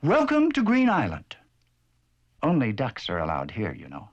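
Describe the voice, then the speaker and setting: A man's voice: mid-range voice, wildly swooping pitch, moderate pace, lo-fi sound. A man voicing a grumpy male duck in a children's cartoon, with a crotchety, bossy manner. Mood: haughty.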